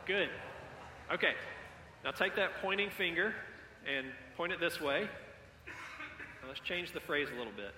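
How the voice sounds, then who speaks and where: A man's voice: fairly high pitch, expressive, measured pace, long pauses, background noise. A man preaching a sermon as pastor, talking directly with his congregation and having them call out and repeat after him. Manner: interactive, calls on the congregation. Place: church sanctuary. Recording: echoey hall with long reverb.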